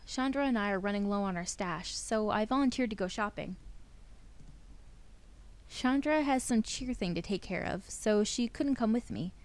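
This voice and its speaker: A woman's voice: mid-range voice, moderate pace. Playful young woman reading a game. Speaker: let's play host. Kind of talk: reading a visual novel aloud.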